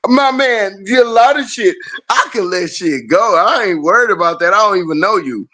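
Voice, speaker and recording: A man's voice: sits high, animated, moderate pace, sharp tone. A man hosting a casual chat, telling stories animatedly and laughing often.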